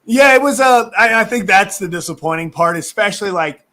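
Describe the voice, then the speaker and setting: A man's voice: high-pitched, lively intonation, fairly quick, sharp tone. A man hosting a casual live sports stream, chatty and rambling, laughing often, who says his voice is going.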